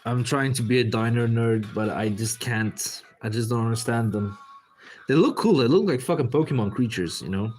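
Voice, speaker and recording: A man's voice: medium pitch, moderate pace, hardly any pauses, a little mellow, faint music behind. Easygoing man chatting while drawing. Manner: rambling, easygoing, talks while working. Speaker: artist streaming while drawing. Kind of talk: casual livestream chat.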